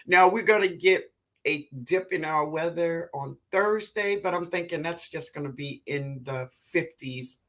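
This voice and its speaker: A woman with a New Orleans accent hosting a live gardening show, reading viewer comments aloud in a relaxed way and calling people baby. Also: lowish voice. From Louisiana, US. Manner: calls viewers baby, laughs often. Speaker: gardening livestream host.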